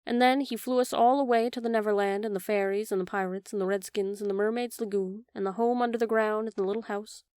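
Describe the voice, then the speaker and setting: Woman doing an eager coaxing little girl, mid pitch, dry sound, storybook. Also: steady tone, quick pace, hardly any pauses, darkish tone, clear, resonant tone, no echo, lightly acted.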